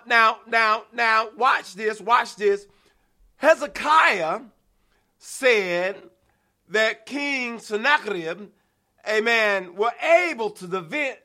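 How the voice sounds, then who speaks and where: A man preaching an impassioned sermon, repeating refrains, often shouting, and stumbling over restarts. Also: sits high.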